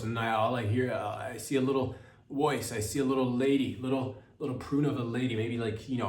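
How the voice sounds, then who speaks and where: A man's voice: mid-range voice, a little mellow. A young man hosting a podcast, telling an exaggerated, profane comic story in a rambling way. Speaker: podcast host. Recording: roomy, from a distance.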